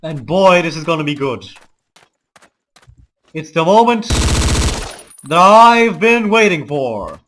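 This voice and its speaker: A man's voice: a little high, sing-song, slow, long pauses. A man from the Balkans in a forced American accent, commenting on gameplay with mock-grandiose war speeches and wry asides. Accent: forced American over a Balkan one. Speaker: let's play gamer. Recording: loud game sounds under the voice. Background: game ambience and vehicle noise.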